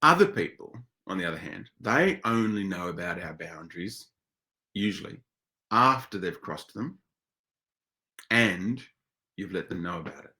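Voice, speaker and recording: A man with a very low voice presents a webinar in a relaxed, conversational way. He sounds enthusiastic and chatty, often pausing and restarting his sentences as he goes.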